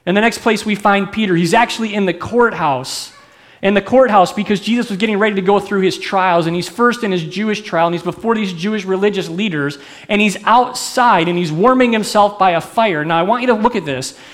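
A middle-aged male pastor giving an animated, conversational sermon, often putting questions to the congregation. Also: sits high, brisk.

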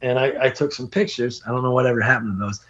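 Husky man telling a rowdy story. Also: medium pitch, fast. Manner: animated, swearing, laughing while telling a road story. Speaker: podcast guest. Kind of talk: casual storytelling. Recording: dull lo-fi podcast audio.

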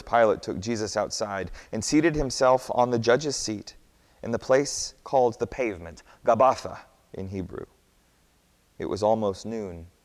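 A man narrating a scripture story in a measured, expressive reading. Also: fairly low pitch. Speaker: scripture reader. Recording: long hall reverb.

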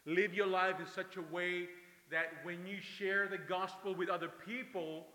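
A man's voice: high voice, fairly even intonation, a little slow, bright, forceful tone. Male pastor, sermon delivery, acts out dialogue, hall reverb. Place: large hall at a men's camp. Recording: echoey hall, long reverb.

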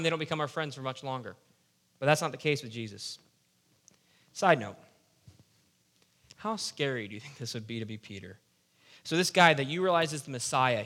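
Bright-voiced young pastor preaching. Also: male voice, on the high side. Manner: animated, conversational preaching with playful asides. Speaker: youth pastor. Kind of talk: sermon.

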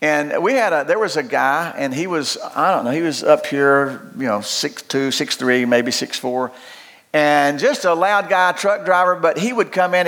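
Older preacher guy, loud and folksy, voice sits a bit high, lots of restarts. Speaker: pastor. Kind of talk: sermon.

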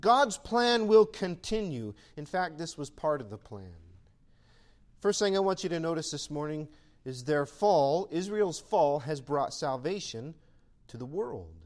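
Animated man preaching with lively pitch. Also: measured pace. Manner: animated preaching, acting out imagined voices. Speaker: pastor. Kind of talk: sermon.

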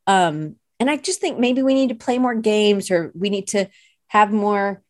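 Her voice is medium in pitch with a darkish tone, and she takes her time in a clean, echo-free studio recording. As a podcast host and illustration teacher, she rambles chattily and playfully, mocking herself and saying "like" a lot.

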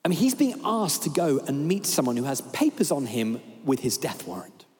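This is a man preaching in a large church hall, animated and humorous, often acting out little scenes. His voice sits high and swings widely in pitch. Every phrase rings out with a long reverberant tail from the hall. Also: moderate pace. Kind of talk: sermon.

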